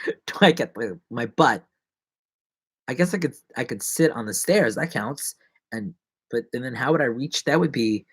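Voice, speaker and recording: On a solo livestream, a man chats casually and rambles playfully, his husky voice fairly bright. He drops to whispers and jumps to squeaky voices as he goes.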